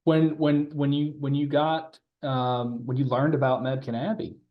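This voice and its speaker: Slow, halting young male interviewer. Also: mid-range voice, level tone, highs cut off. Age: young adult. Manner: halting, repeats words while forming questions. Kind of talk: interview questions.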